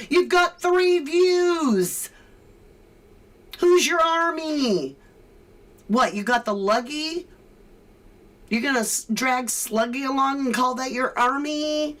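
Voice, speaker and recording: A woman's voice: on the high side, a bit bright. A woman hosting a livestream, reading viewer comments and ranting sarcastically. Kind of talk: casual chat.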